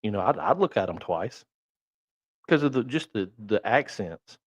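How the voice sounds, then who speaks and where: A man's voice: fairly low pitch, sing-song, normal speed, no echo. A man guest on a podcast with a Southern US accent, chatting casually in a laid-back way and telling anecdotes. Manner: laid-back, short agreeing replies, anecdotes.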